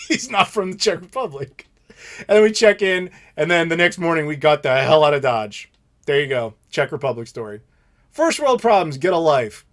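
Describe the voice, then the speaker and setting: An American man in his thirties hosting a live Q&A stream, telling stories in a blunt, animated, profane way. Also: fairly high pitch, normal speed. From United States. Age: 30s. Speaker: channel host.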